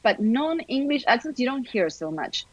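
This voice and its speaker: Argentine-accented actress, upbeat and talkative guest, dry, muffled lo-fi sound. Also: female voice, a little high, sing-song, normal speed, no echo. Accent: Argentine Spanish. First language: Spanish. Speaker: actor, podcast guest. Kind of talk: casual interview chat.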